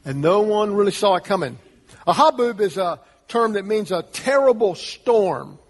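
High-voiced preacher in a reverberant hall. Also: male voice, animated, normal speed. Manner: earnest preaching with rhetorical questions and repetitions. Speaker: pastor. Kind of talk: sermon. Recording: long reverb of a large hall.

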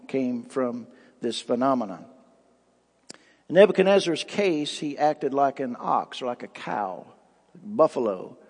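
A man delivers a sermon from the pulpit, his voice sitting a little high for a man. He preaches emphatically, swinging between loud declarations and quiet asides. The sound rings out with a long reverb. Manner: emphatic preaching with dramatic rises and drops. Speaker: pastor.

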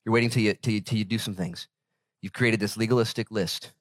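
A male pastor preaching a sermon in an animated, conversational way and joking with the congregation. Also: lowish voice, quick pace, dry recording, studio quality.

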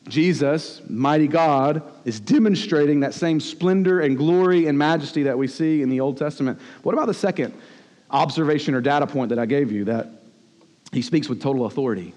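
A man preaching a sermon as pastor, telling a story with animated, acted-out rebukes. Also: medium pitch. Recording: long hall reverb.

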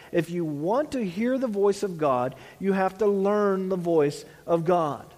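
A man's voice: high-pitched, darkish tone, big-room sound. A man preaching a sermon as a pastor, earnest, restarting phrases and dropping in "you know" asides.

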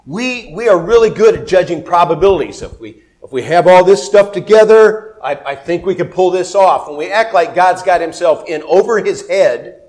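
Guy preaching, high voice, chatty and animated, asks the crowd stuff, does little voices for the bible people. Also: moderate pace, hardly any pauses. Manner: animated, acts out voices of biblical figures; conversational, asks the audience questions. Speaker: pastor. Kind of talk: sermon.

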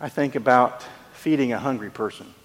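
A man's voice: mid-range voice, a little fast, big-room sound. A man preaching a sermon, telling a story earnestly and asking rhetorical questions. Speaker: pastor.

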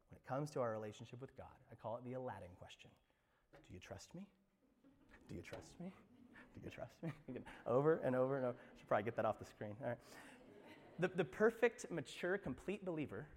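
A male pastor preaching a sermon, animated, swinging between loud emphasis and hushed asides. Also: mid-range voice, long reverb tail.

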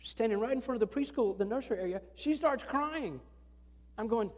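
A man's voice: extremely high pitch, a little fast. Man, pastor, earnest sermon, storytelling, reverberant church sanctuary. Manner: earnest, storytelling with lively rises. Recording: long reverb of a church hall.

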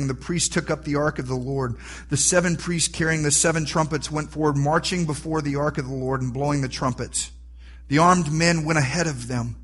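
A man preaching a sermon, animated and rising to near-shouts for emphasis. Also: fairly high pitch. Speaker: pastor.

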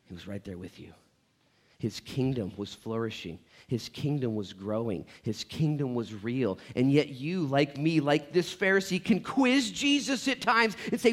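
A pastor in his thirties preaches a conversational sermon, animated and joking as he tells stories and often repeats words. His voice is mid-range and his pace measured.

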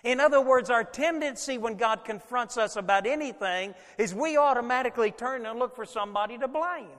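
A man preaching a sermon, animated and folksy, with casual asides to the congregation. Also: extremely high pitch, a little fast. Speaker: pastor. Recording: long hall reverb.

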